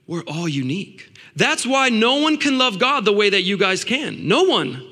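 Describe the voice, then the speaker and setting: Male preacher, high and bright, excitable, repeats himself, heard in a reverberant hall. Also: unhurried. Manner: excitable, repeats words, swings between loud and hushed. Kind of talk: sermon.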